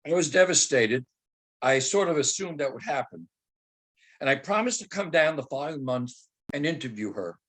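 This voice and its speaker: Higher-voiced older man telling stories. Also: lively intonation, a bit bright. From Germany. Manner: humorous, anecdotal, slows to dramatic recitation. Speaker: speaker, retired teacher. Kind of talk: personal storytelling talk with dramatic readings.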